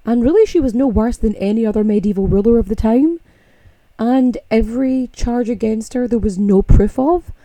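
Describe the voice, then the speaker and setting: A woman's voice: fairly high pitch, normal speed, warm tone, no echo. A young woman with a Scottish accent, hosting a podcast in a casual, opinionated monologue and rolling her R's. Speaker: podcast host.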